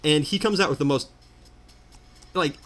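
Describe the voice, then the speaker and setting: A man's voice: a little high, moderate pace, fairly bright tone. A man ranting in exasperated commentary while playing a video game. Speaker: let's player. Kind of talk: ranting commentary over gameplay.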